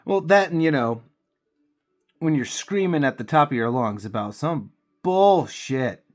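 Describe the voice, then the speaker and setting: A man's voice: on the high side, lively intonation, unhurried, soft background music. A man with a cold, venting heatedly and profanely while he paints miniatures on his channel. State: congested with a cold.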